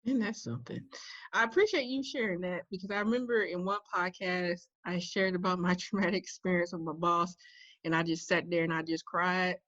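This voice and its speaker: A woman hosting a podcast interview, expressive and earnest, affirming her guest often. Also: on the low side, a little fast. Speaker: podcast host. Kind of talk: casual interview chat. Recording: dry, slightly dull recording.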